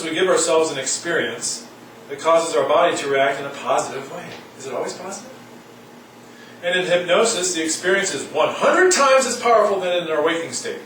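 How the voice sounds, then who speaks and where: A man's voice: fairly high pitch, fairly bright tone, slight background noise. A man giving a college lecture, reading aloud and adding wry comments. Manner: reads aloud and comments wryly. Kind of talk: classroom lecture. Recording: echoey room from far off.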